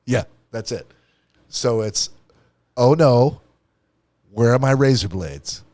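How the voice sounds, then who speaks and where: A man co-hosting a comedy podcast in casual chat, rambling and animated with lots of restarts. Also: medium pitch, takes it slowly, dry recording. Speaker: podcast co-host.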